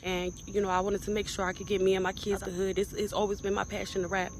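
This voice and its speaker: A woman who is a rapper, making an emotional video confession in a halting, pleading, repetitive way. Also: medium pitch, flat delivery, a little hiss or hum.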